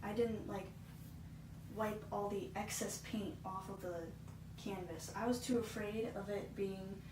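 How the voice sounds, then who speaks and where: A woman's voice: medium pitch, fairly even intonation, a little slow. Chatty woman vlogging in an echoey room. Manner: chatty, self-deprecating, exasperated asides. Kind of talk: casual painting-along commentary. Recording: echoey room, far from mic, noisy.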